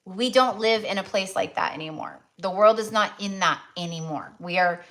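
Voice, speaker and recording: A middle-aged woman hosting a tarot livestream from a rural home, chatting in a rambling, animated way, full of "like" and the odd swear word. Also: mid-range voice, moderate pace. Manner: animated, filler-heavy ranting with frequent "like" and swearing. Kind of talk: rambling casual livestream chat.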